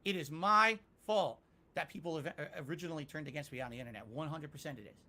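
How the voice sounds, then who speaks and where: Man, interview answers, bright forceful tone, slightly high voice, self-critical, emphatic. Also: quick pace, slight background noise. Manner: self-critical, emphatic, rising to loud peaks. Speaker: interviewee, YouTuber.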